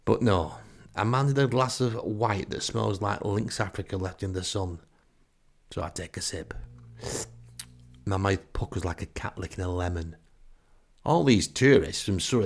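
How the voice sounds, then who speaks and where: A man's voice: on the low side, normal speed, vocal fry, long pauses. Wry middle-aged Northern English man. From Northern England. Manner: wry, exasperated, deadpan grumbling. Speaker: podcast storyteller. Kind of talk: comic first-person storytelling.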